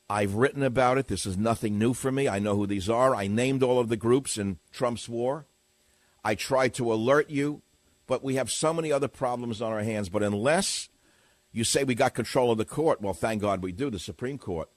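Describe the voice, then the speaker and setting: Older american radio host ranting, emphatic, lots of rhetorical questions, dry close studio sound. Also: male voice, mid-range voice, normal speed, no room sound. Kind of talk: opinionated talk radio monologue.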